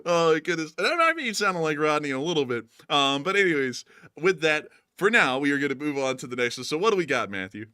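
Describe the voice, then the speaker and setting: A man hosting a casual live stream, talking in an animated, mocking way with lots of "like" and "dude". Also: fairly high pitch, fast talker, clear, resonant tone, no room sound, studio quality. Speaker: host.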